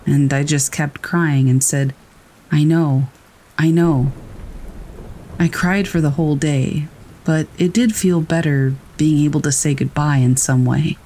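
A man reading scary first-person stories aloud in a calm, steady storytelling voice. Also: on the high side, moderate pace, slight background noise. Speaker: narrator. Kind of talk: scripted narration of scary stories. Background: rain.

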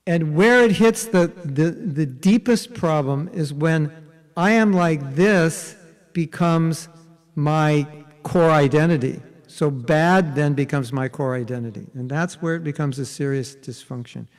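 A man's voice: fairly high pitch, a little slow, big-room sound. A man teaching a spiritual workshop in a conversational way, often checking in with his listeners. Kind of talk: interactive spiritual workshop talk.

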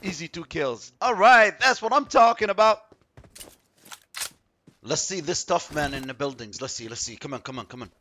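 A man giving chatty, excitable commentary while playing a shooter game, yelping when surprised. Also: fairly high pitch, normal speed, slight background noise. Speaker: mobile game streamer.

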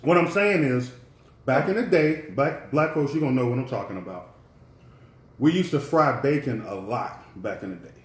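Animated man telling kitchen stories. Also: medium pitch, moderate pace, roomy sound. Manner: animated storyteller, teasing. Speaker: cooking show co-host. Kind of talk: casual chat.

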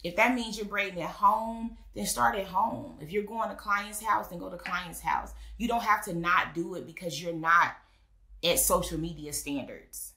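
A woman's voice: lowish voice, moderate pace, creaky. A woman, a wedding officiant and business owner, telling stories in an interview and acting out the voices she quotes. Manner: animated storyteller, acts out quoted voices. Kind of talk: casual interview storytelling. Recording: echoey room.

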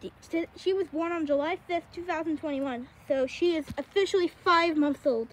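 Chatting fondly to her dogs in a sing-song, a woman records a casual outdoor pet vlog on a handheld camera while they bark. She speaks at normal speed in a very high-pitched voice, with slight background noise.

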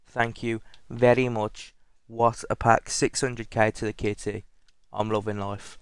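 A young British man giving excitable pack-opening commentary on a video game, swearing and repeating himself. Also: lowish voice, unhurried, smooth, dry recording. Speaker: gaming YouTuber.

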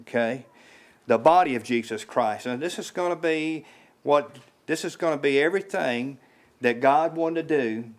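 A man preaching an informal sermon in a small house church, halting and repeating words with many fillers, his voice rising when he stresses a point. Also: on the high side. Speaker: lay preacher.

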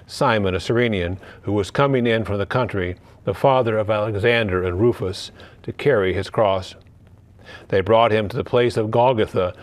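Low-voiced priest reading and preaching. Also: male voice. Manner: measured reading with small slips and restarts. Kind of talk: reading the Gospel and preaching a homily.

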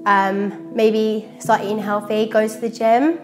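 A woman's voice: medium pitch, level tone, unhurried, music in the background. A young British woman, a reality show contestant, chatting to camera in a bubbly, rambling way. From Britain. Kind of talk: casual chat to camera.

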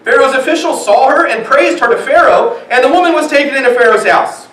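A pastor, father of young children and young adult or middle-aged, preaches with animation in an echoey sanctuary heard from far off, acting out voices from his stories. His pitch is extremely high, his tone fairly bright, and his delivery expressive and fairly quick.

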